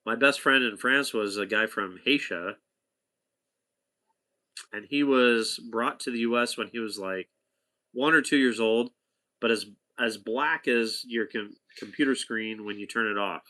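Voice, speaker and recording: A man's voice: medium pitch, sharp tone. A man casually telling a rambling anecdote to a companion, chatty, with asides and restarts. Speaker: storyteller talking to a companion.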